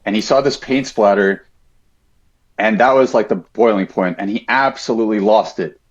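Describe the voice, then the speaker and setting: A man's voice: lowish voice, normal speed. A man in his thirties, a podcast guest, telling a personal story in a casual, reflective way, with a lot of "like" fillers. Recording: dull lo-fi sound.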